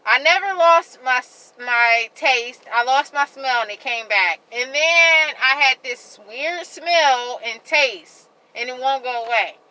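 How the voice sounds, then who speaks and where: A woman vlogger venting to her viewers in a heated, rambling rant, repeating herself and filling every pause with "like.". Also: sits high, bright, forceful tone, rough recording. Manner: heated, repetitive rant full of "like". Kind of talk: venting monologue to camera.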